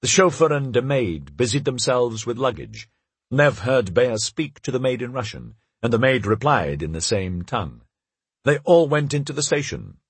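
A man reads a story aloud with an expressive, rising and falling delivery. His voice is strongly husky, middle in pitch, and recorded close and dry. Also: moderate pace, dry recording. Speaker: narrator. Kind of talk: audiobook narration.

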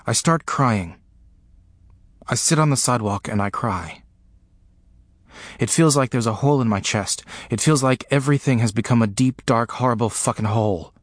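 A man reading a first-person memoir aloud, in a slow, grave, repetitive delivery. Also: mid-range voice, no echo. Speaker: narrator.

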